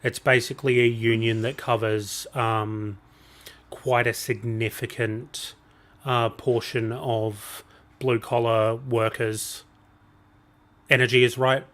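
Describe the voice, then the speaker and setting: Aussie guy explaining stuff on a stream, even flat voice, kinda hesitant. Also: mid-range voice, measured pace. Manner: calm, explanatory, hesitant fillers. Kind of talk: casual explaining on a livestream.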